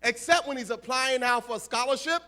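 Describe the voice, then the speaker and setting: A man from the United States, an imam, preaching a sermon in an animated, humorous way and addressing the crowd directly. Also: extremely high pitch, a little fast.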